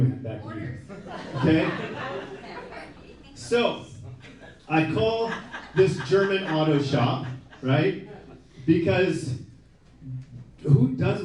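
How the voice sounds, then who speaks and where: A man's voice: on the high side, mellow. Wry stand-up man in an echoey club. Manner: wry, self-deprecating, keeps asking "right?". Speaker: stand-up comedian. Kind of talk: stand-up routine. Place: comedy club stage. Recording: echoey room, mic from a distance. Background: audience laughter.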